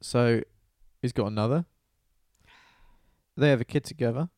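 Guy telling a bible story all cheeky and sweary, mid pitch, dry mic. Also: normal speed, a little mellow, dry recording. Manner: irreverent, sweary, acts out the characters' lines. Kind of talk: casual podcast chat, retelling a Bible story.

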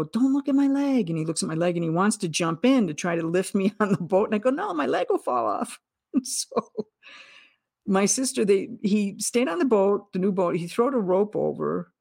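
Woman with a gravelly, dry voice. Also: lowish voice, a little mellow, no echo. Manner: earnest, vivid retelling with acted-out quotes. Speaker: guest. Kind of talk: personal storytelling.

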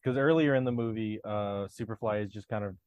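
A man's voice: on the low side, brisk, darkish tone, smooth, no room sound, lo-fi sound. Dry, blunt young man in casual chat. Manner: dry, blunt, critical asides. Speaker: podcast co-host.

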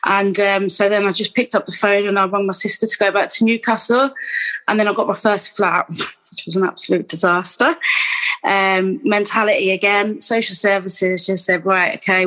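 A woman in her 30s, appearing as an interview guest, tells her personal story candidly and ramblingly, with many restarts and asides. Her mid-range voice has a fairly bright tone, and the recording is low quality.

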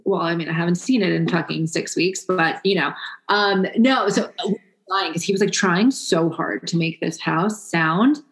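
A young woman talking casually as a podcast co-host. Her voice sits a little low, and she swears easily, drifting into animated, laughing storytelling. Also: normal speed, low-quality recording. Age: young adult. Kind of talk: casual chat.

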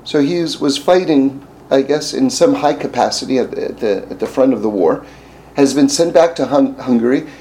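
Halting, mellow-voiced male teacher. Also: mid-range voice, slight background noise, poor audio. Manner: halting, frequent restarts and fillers. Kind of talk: storytelling lesson.

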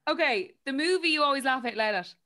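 An Irish woman hosting a podcast, giggly and quick to react while chatting with a guest. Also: sits high, expressive, bright, forceful tone. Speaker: podcast host. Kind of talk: casual interview chat.

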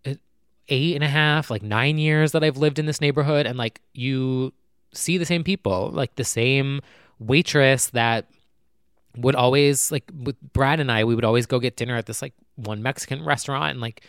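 A young man and YouTube creator venting to the camera about his feelings, rambling and halting, close to tears. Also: medium pitch, fairly bright tone, clear, resonant tone, dry recording. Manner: rambling, halting, full of "like" and restarts. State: close to tears, voice dropping low. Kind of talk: emotional personal vent to camera.

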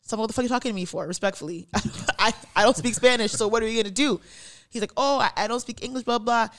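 Animated young woman telling a wild story. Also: a little high, racing. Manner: animated, laughing storyteller acting out quoted voices. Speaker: podcast co-host. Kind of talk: casual storytelling chat.

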